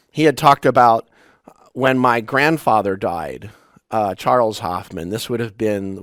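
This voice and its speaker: A man in his forties, a spiritual teacher, giving a reflective talk with personal stories, halting and restarting as he goes. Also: mid-range voice, no echo, clean studio sound. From United States. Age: 40s. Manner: personal, storytelling with pauses and restarts.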